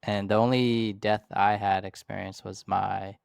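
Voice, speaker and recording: A male podcast host asking a guest questions in a halting, hesitant way. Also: on the low side, flat delivery, creaky, smooth, no room sound, studio quality. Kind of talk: interview chat.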